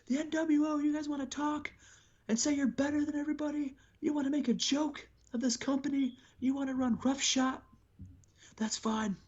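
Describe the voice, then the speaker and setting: A man doing a furious wrestler's shouted promo. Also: extremely high pitch, flat delivery, normal speed, lo-fi sound, voice pushed up. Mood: defiant. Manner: shouty, raised and declamatory. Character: furious male wrestler cutting a defiant promo.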